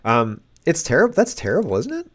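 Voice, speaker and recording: A man's voice: fairly high pitch, wildly swooping pitch, fairly quick. A man hosting a casual political commentary show, exclaiming and rambling in disbelief.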